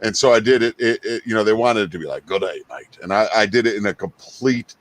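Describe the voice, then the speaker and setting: Lower-voiced joking man co-hosting. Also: fast, no room sound. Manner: joking storyteller, crude humor. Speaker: podcast co-host. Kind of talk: casual podcast chat.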